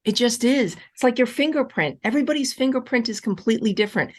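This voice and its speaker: An animated woman coach gives advice in a live Q&A, her pitch leaping up and down as she stresses each point. She is reassuring and insistent, and she circles back to the same comforting phrases. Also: quick pace. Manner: emphatic and reassuring, repeats key phrases; animated, with wide swings in pitch. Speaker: relationship coach answering audience questions. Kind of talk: live online Q&A advice session.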